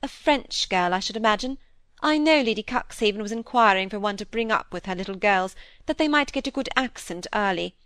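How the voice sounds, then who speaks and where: A woman voicing a kindly, genteel lady at a grand dinner, polite and gently curious, in a storybook reading. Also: medium pitch, lively intonation, fairly quick, dry recording, close to an everyday voice.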